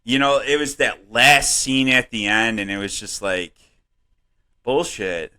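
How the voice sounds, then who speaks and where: A man co-hosting a comedy podcast, rambling and swearing in casual chat, laughing often and jumping up in pitch when worked up. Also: measured pace, clear, resonant tone. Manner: animated, voice jumps up when worked up. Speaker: podcast co-host.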